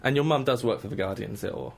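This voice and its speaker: A man's voice: medium pitch, lively intonation, rapid-fire, gravelly. A man hosting a comedy radio show in a studio, teasing his guest and then reading his own rhyming rap poems with mock-boastful swagger. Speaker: radio host. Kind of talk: comic radio banter and rap poetry reading.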